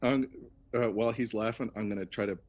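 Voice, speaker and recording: A man playing a tabletop horror game, declaring his character's attacks in quick bursts. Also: fairly low pitch, fairly even intonation, darkish tone, muffled recording, slight background noise. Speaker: player.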